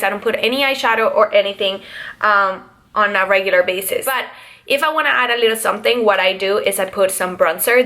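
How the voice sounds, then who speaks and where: A young woman talks through her makeup routine in a relaxed, chatty way, full of little fillers as she explains each step. Her voice sits at an ordinary middle pitch for a woman. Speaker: beauty vlogger. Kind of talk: casual makeup tutorial.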